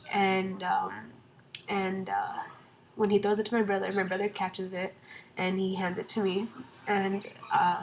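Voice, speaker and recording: An excited young woman chats through a storytime vlog at home, her pitch sitting right in the middle. She rambles with plenty of ums and restarts. A faint hiss of noise sits under her voice. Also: rough recording. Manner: excited, rambling with many fillers. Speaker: vlogger.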